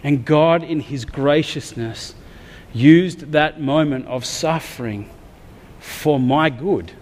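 A man's voice: fairly high pitch, slow, a little mellow. An Australian man preaching a sermon, talking candidly and conversationally with some humor. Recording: long reverb of a large hall.

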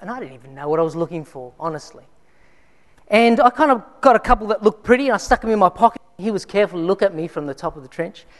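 A man's voice: high voice, lively intonation, fast talker. Man preaching in a reverberant hall. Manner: conversational storytelling, frequent restarts. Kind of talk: sermon with personal story. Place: church.

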